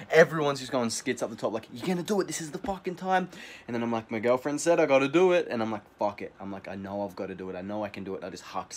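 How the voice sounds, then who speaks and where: A young man vlogging casually to camera, excitable and swearing constantly as he rambles through a retelling, still buzzing on adrenaline. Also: lowish voice, a little hiss or hum. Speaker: vlogger, scooter rider.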